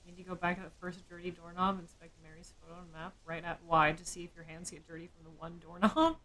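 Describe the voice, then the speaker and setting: A woman's voice: lowish voice, steady tone, quick pace, a bit bright, poor audio. Woman musing through a horror game. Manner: musing, thinking aloud, jokey asides. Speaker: streamer. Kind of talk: live game commentary.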